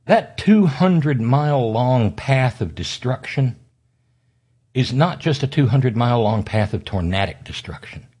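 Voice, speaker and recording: A man's voice: medium pitch, animated, unhurried, darkish tone, slightly rough. A man delivering an impassioned, sarcastic political monologue as a talk show host, fiery and stumbling through frequent restarts.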